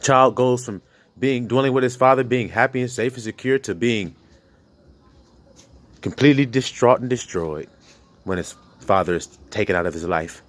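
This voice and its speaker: In a mid-range voice at a moderate pace, a man delivers a fiery sermon to his congregation. He's blunt and swears freely, peppering the listeners with rhetorical questions.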